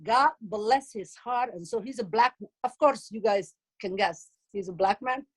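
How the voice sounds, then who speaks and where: A middle-aged woman from Somalia with a Somali accent and Somali as her first language, telling comic stories in an animated, teasing way and exclaiming often. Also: mid-range voice, a little slow, husky. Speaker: comedic speaker at a community event. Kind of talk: comic storytelling.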